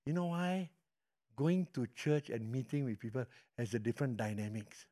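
This sermon comes from a middle-aged pastor whose English carries a Malaysian accent, speaking at normal speed in a mid-range voice. His animated stories alternate between loud and hushed moments.

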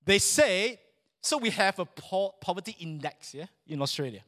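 A man preaching a sermon in church, animated and joking with the congregation. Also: high voice, moderate pace. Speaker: pastor.

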